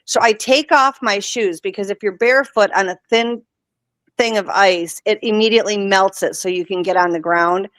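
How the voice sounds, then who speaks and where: A woman's voice: mid-range voice, moderate pace, no room sound. A woman from Michigan, telling stories in casual chat with lots of laughter. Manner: animated storyteller, laughing often.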